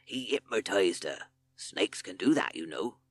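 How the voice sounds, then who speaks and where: A man voicing an aged male mole in a storybook, talking slowly in a low, secretive murmur. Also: big pitch swings, creaky, breathy edge, dry recording, heavily acted. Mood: confiding. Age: older. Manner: slow, low, drops to a hushed mutter.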